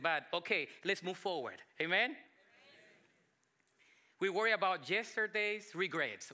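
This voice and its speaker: Bright-voiced Colombian pastor preaching. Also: male voice, high voice. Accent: Colombian Spanish, with South Texas English. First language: Spanish. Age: 40s. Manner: emphatic preaching with pauses, drops to soft asides. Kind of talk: sermon.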